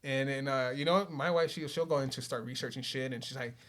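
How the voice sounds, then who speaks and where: A man's voice: mid-range voice, fairly quick, a bit bright. A man, telling his life story on a podcast in a laid-back way, swearing often and saying "you know" a lot. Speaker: podcast guest. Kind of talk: casual storytelling.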